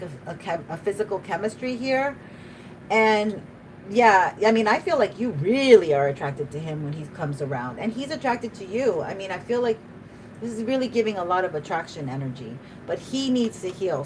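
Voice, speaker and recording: A woman's voice: medium pitch, darkish tone, a little hiss or hum, poor audio. Chatty emotional woman reading tarot. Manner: chatty, emotional, laughs often, speaks to spirit. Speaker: tarot reader.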